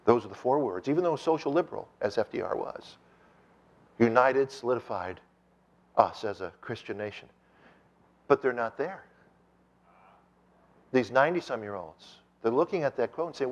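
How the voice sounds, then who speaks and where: A man preaching a sermon and telling stories with animated emphasis. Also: mid-range voice, normal speed, dull audio. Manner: animated storytelling, with rising emphasis.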